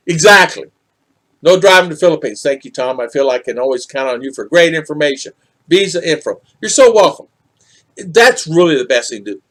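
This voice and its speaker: A man from the United States chats to his viewers in a loose storytelling vlog. His voice sits a little high, and he jumps into each person's lines as he retells the tale. Between stories he reads out live chat comments and answers them. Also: a little fast. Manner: animated, acts out both sides of dialogue. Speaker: vlogger reading live chat.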